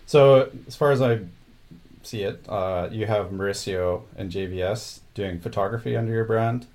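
A man's voice: on the low side, moderate pace, a little mellow. A man hosting an interview, asking long rambling questions full of fillers. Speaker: podcast host interviewing photographers. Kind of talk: casual interview.

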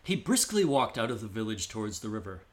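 A man narrating a traditional tale in a measured, descriptive storytelling manner. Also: on the low side, big pitch swings.

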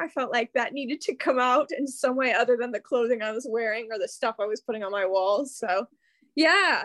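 A young woman with an American accent chats casually as a podcast guest. Her voice sits fairly high, and she leans on "like" and "um" as she talks. The sound is dry and close. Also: fairly bright tone, no room sound. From Kansas City, USA. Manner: chatty, many fillers like "like" and "um". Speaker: guest, secondary English teacher. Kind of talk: casual chat.

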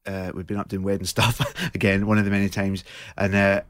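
Glaswegian man, lowish voice, dry studio sound, chatty storyteller. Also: level tone, a little fast, no echo. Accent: Glaswegian Scottish. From Scotland, Glasgow. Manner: chatty storytelling with laughs and fillers. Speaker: guest actor. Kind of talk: casual radio interview.

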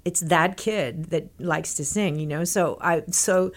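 A middle-aged woman from Texas tells a long story as an interview guest, her voice sitting on the low side. She talks in animated, tumbling bursts and slips into the voices of the people she quotes. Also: unhurried. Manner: animated, breathless anecdote-telling with quoted dialogue. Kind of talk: conversational storytelling.

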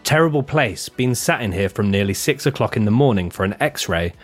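A man hosting a podcast in casual chat, reading reviews aloud in a lively, jokey way. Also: on the low side, brisk, soft background music. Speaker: podcast host.

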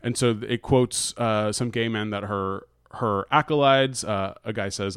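A man speaks in a casual, reflective way, pausing on fillers and restarting his sentences as he works out his point. His voice sits low and sounds smooth and resonant, recorded dry with little room sound. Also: fairly even intonation, fairly bright tone, no echo. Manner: thoughtful, hedging, frequent fillers and restarts. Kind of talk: casual conversational commentary.

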